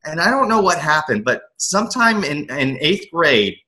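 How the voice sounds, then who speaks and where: A man's voice: on the high side, very animated, normal speed, pushed and bright, low-quality recording. A man telling his personal story as an interview guest, earnest, acting out his younger self as he recalls it. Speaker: guest, aspiring motivational coach.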